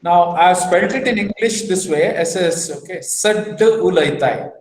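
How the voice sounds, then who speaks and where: High-voiced man teaching an online class. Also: echoey room, rough recording. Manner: patient, repeats phrases slowly, explains with examples. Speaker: language teacher.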